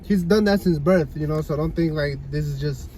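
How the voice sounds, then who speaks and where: A laid-back young man talking casually on a vlog, his voice sitting a little high for a man. He keeps tagging his thoughts with "you know?" A faint hum of noise runs underneath. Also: normal speed, dark tone, rough recording. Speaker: vlogger. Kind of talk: casual chat. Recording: light background noise.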